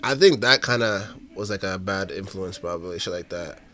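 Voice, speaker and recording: A young man, telling profane stories in an animated, slangy way in casual podcast chat. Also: low-pitched, moderate pace. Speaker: podcast guest or host.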